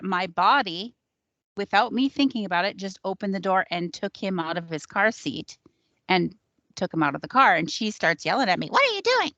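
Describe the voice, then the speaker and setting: Here a psychic recounts something that happened to her on a panel show, talking loosely and filling gaps with "um" and "like." She has a lowish, slightly bright voice with some vocal fry. There's no room sound, just a dry, muffled lo-fi recording.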